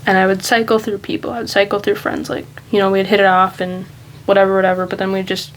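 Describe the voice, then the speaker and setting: A woman vlogging in a loose, rambling way, thinking aloud and speaking candidly at an ordinary, middle pitch. A faint hiss of background noise sits beneath her voice. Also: monotone, fast, rough recording. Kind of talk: casual reflective monologue.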